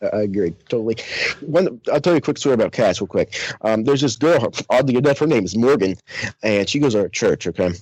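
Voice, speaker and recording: A man's voice: fairly low pitch, lively intonation, fast talker, darkish tone, husky, no room sound, rough recording. A young man, author and outdoors radio host, talking emphatically and preachily in a podcast discussion.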